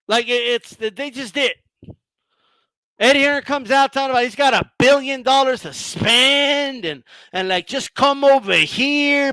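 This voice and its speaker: A man hosting a live stream, ranting bluntly and sarcastically, swearing and rising to shouts. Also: extremely high pitch, no room sound. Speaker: boxing commentator and channel host.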